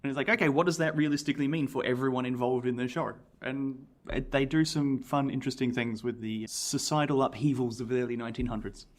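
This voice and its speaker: A man's voice: medium pitch, fast talker, few pauses. A man from Australia, co-hosting a podcast, reading a book aloud and chatting with jokes. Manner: animated, jokey, laughs often. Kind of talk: casual chat and reading aloud.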